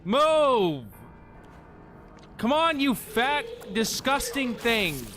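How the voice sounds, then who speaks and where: A man streaming a horror game who keeps shouting at an enemy that will not budge, swearing and breaking into laughter. His voice is bright and swoops widely in pitch, and his talk is drawn out and unhurried between outbursts, with soft music behind him. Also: sing-song. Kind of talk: casual gameplay commentary.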